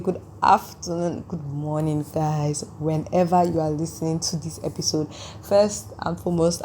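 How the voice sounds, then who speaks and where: A young woman of nineteen hosts her own podcast, talking in a loose, rambling way full of "like." Her voice is tired and sits a little low for a woman. A faint hiss hangs under her voice. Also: a little mellow. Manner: rambling and chatty, heavy use of "like". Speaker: podcast host. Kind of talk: casual solo podcast chat.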